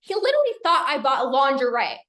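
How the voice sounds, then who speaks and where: A woman coach talking casually in a live session, energetic and chatty with many restarts. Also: high-pitched, a little fast, reverberant. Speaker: binge eating coach hosting a live session. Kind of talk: casual live-stream talk.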